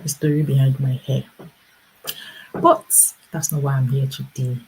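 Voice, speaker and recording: A middle-aged woman hosting a casual livestream, telling an animated personal story with laughter and acted-out voices. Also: very deep voice, measured pace, a little hiss or hum, rough recording. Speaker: livestream host and business coach.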